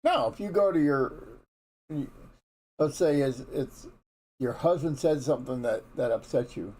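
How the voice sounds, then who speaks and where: A man teaches a relaxed morning Bible devotion in an everyday mid-pitched voice. His delivery is folksy and candid, loosely conversational rather than preachy. He often doubles back and restarts his sentences as he works out his thoughts. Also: unhurried, husky.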